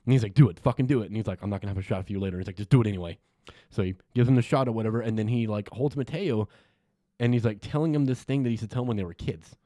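A man's voice: lowish voice, racing, warm tone, no room sound, studio quality. A man in casual chat, recapping a film scene by scene, quoting the characters and swearing freely. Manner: retells scenes with quoted dialogue, swears freely.

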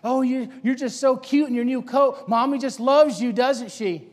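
A man playing a pack of mocking young bullies, sneering in a high, singsong voice. Each taunt carries a long echo of a big hall behind it. The whole thing is told as a scene from a sermon. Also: steady tone, brisk, close to an everyday voice. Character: taunting young men mocking a pious boy. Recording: long church hall reverb.

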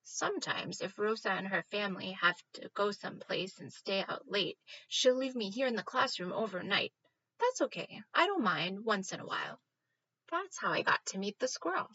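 A woman reading a children's book aloud, expressive and stopping now and then to fix her slips. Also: mid-range voice, moderate pace, husky, dull audio. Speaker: reader.

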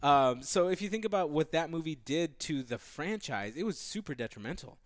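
A man's voice: a little high, expressive, fairly quick. Blunt, opinionated man hosting a podcast. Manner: opinionated, blunt, restarts and swears. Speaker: podcast host. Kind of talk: casual chat.

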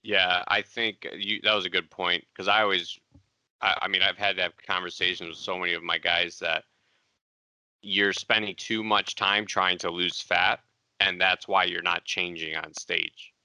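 A man with a gravelly voice, giving firm, direct coaching advice on a podcast. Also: sits low, fairly even intonation, normal speed, sharp tone, no room sound, rough recording. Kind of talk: casual podcast chat.

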